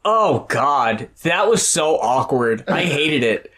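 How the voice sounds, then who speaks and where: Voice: mid-range voice, very animated, takes it slowly, fairly bright tone. A podcast co-host in casual chat, blunt and opinionated, swearing freely.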